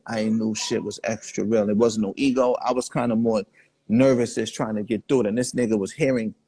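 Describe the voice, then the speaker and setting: A man with a warm, mid-range, slightly rough voice is the guest artist in a casual interview, telling relaxed stories packed with quoted dialogue. There is no room sound on the recording.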